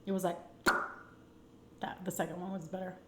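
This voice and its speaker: A woman with a Texan accent telling a candid, chatty personal story to her viewers, full of fillers and animated retellings. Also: fairly low pitch, normal speed, echoey room, very noisy. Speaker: food vlogger telling a story. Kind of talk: casual storytime chat.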